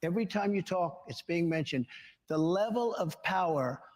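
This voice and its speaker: A man's voice: high voice, lively intonation, normal speed, darkish tone. A man in his seventies answering interview questions at a town hall, rambling from story to story and boasting as he goes. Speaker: interview guest.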